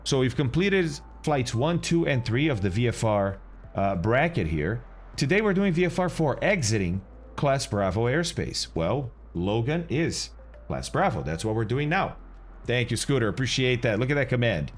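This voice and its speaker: Chatty man streaming, lively pitch. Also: normal speed. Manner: chatty, greets viewers, explains as he goes. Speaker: flight sim streamer. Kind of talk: casual live-stream chat.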